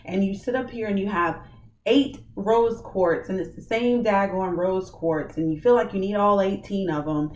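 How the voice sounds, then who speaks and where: A woman telling a dream and preaching in a casual, animated way, acting out her own lines of dialogue. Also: medium pitch, normal speed, reverberant, distant mic. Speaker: ministry vlogger.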